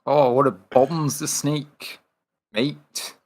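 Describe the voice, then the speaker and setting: A man doing a mocking impression of an excitable Australian wildlife showman in a put-on Australian accent. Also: medium pitch, extremely slow, pitched above the performer's own voice. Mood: hammy. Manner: loud, excitable, overblown.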